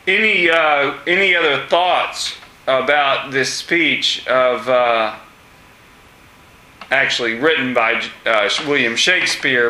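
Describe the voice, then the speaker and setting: A man teaching a class, asking students questions with many pauses and fillers. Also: mid-range voice, sharp tone, a little hiss or hum. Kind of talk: classroom discussion lesson. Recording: echoey room.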